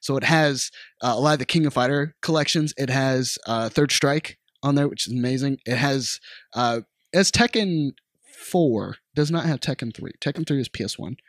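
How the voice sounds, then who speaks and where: Man, podcast co-host, casual chat, loose and profane, dry close sound, mid pitch. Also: normal speed, no echo. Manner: laid-back, swears a lot, laughs often.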